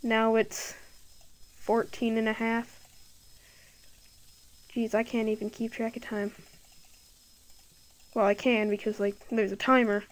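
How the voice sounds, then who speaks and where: A woman's voice: fairly high pitch, flat delivery, takes it slowly, long pauses. A woman giving casual commentary while playing a game, rambling and thinking aloud with lots of fillers, recorded on a computer microphone. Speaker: gameplay video creator.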